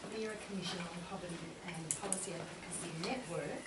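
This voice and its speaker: Lower-voiced woman, echoey and noisy. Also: fairly even intonation, fast talker. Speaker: academic announcing an event. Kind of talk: informal announcement to a seminar audience. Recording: echoey room, distant mic, loud background noise.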